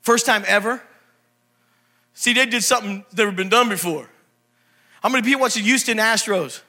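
Animated high-voiced preacher man. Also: moderate pace. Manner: animated, jokey, quizzes the congregation. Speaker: pastor. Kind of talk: humorous sermon.

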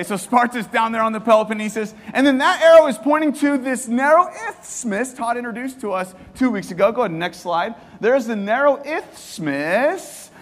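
A man preaching a sermon to a congregation, lively and joking, asking them questions and repeating their answers. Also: sits high, in a large hall. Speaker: pastor. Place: church hall.

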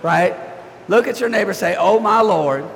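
In a reverberant church sanctuary, a male pastor with a high, gravelly voice delivers an animated sermon at a moderate pace. He preaches conversationally, tossing asides to the congregation, with slight background noise in the room.

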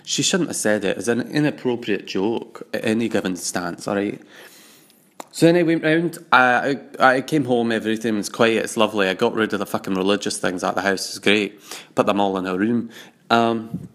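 A man's voice: lowish voice, moderate pace, a bit bright. A man telling a first-person story in a wry, confiding way. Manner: wry, confiding, acts out other voices in quotes.

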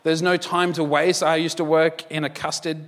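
A man delivers a sermon in a loose, conversational way, dropping in jokes as he goes. His voice sits a little high for a man. It rings out with the long reverb of a large hall. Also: little pitch movement, moderate pace, a bit bright. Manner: conversational, joking asides with laughs. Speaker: pastor.

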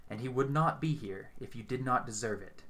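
A man's voice: mid-range voice, fairly quick, natural voice. A man voicing a brash young woman who poses as a psychic, dramatic and commanding as she leads a séance. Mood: stern. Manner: dramatic, commanding, shouts invocations.

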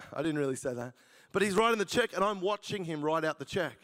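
Joking preacher in a reverberant hall. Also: male voice, a little high, expressive, fast talker, fairly bright tone. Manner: jokey storyteller who laughs at his own lines. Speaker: preacher giving his testimony. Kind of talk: sermon testimony.

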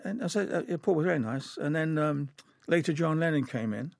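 A man's voice: fairly high pitch, expressive, a little fast, creaky, no room sound, clean studio sound. An older man from England, an animator, telling rambling, chuckling anecdotes in an interview.

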